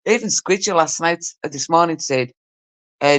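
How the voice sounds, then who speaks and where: A woman's voice: low-pitched, normal speed, a bit bright. A middle-aged woman from Britain hosting a live stream, telling stories in casual chat and mimicking the people in them. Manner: chatty and storytelling, mimicking people she talks about.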